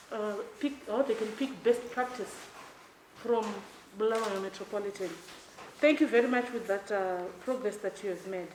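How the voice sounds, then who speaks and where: A woman from Zimbabwe, a development bank official giving a measured, emphatic formal speech. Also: fairly high pitch, a little hiss or hum. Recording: echoey hall with faint ambience.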